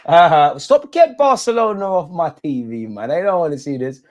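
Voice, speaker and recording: A young man hosting a live football watch-along, excitable and slangy, shouting out his viewers. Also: a little high, moderate pace, no echo. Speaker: fan channel host.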